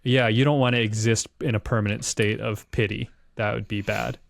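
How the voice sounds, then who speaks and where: Lowish guy thinking out loud on a podcast, dry close sound. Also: steady tone, normal speed, creaky, no echo. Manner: reflective, talks in long musing runs. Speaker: podcast host. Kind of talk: casual chat.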